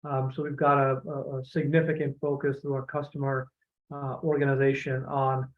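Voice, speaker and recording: Man, presentation talk, flat delivery, many fillers and restarts, hoarse edge, phone-line quality. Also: mid-range voice. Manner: measured, with frequent fillers and restarts. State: losing his voice, clearing his throat. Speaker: utility executive giving a talk. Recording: phone-like narrow audio.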